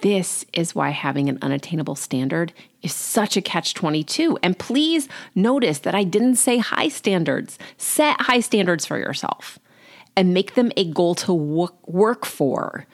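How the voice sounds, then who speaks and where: Low-voiced woman coaching, conversational. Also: lively intonation, a little slow. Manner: encouraging, conversational, with casual fillers. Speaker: life coach. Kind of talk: solo podcast monologue.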